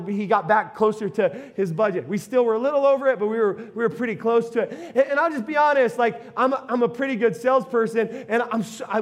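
A middle-aged pastor preaches in a church sanctuary, telling homey stories with lively asides. His voice sits notably high for a man. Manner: folksy, storytelling, animated asides. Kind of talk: sermon.

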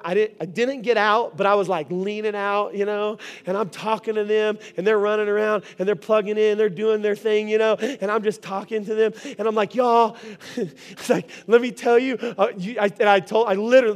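A male pastor giving a sermon, telling stories in an animated way and often asking the congregation questions. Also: high voice, fast, hardly any pauses. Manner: animated storytelling, often asks the crowd.

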